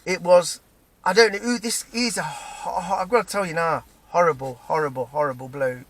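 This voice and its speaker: Agitated English man, high-ish voice. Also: moderate pace. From England. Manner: agitated, repetitive, restarts often. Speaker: vlogger. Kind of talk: rambling personal monologue.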